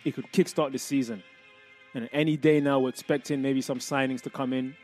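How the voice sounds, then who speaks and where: A man in his thirties hosting a sports talk show, talking upbeat and energetic to his audience. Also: medium pitch, a little fast, loud music behind the voice. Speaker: show host and former player.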